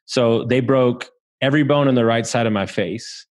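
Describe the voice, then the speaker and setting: A man's voice: medium pitch, normal speed. A man from Southeast Texas telling a story as a podcast guest, talking casually, swearing freely and laughing as he goes.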